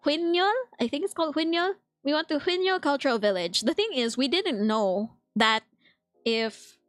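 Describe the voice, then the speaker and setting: A woman's voice: on the high side, fairly bright tone, no room sound. A young woman with a Filipino accent, chatting casually as a streamer, laughing often and reading chat aloud. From Philippines. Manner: reads chat aloud and answers it.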